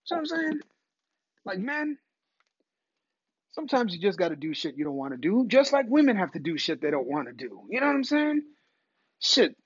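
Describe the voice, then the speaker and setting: Male podcast host, profane comic ranter, husky, swoops up and down, dry dull lo-fi sound. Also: high-pitched, normal speed, pauses often. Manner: profane, animated ranting. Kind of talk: comedic monologue rant.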